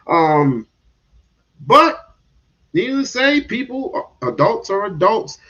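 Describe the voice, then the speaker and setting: A man's voice: high voice, big pitch swings, slow pace, pauses often, pushed and bright, lo-fi sound. A man giving heated, casual commentary on a stream, restarting and repeating words as he goes.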